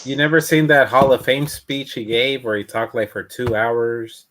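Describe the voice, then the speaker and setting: A man trading teasing banter with friends on a live stream, often laughing between lines. His voice sits at an ordinary middle pitch and he talks at an easy pace. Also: steady tone, normal speed, a bit bright, slight background noise. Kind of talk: casual chat on a live stream.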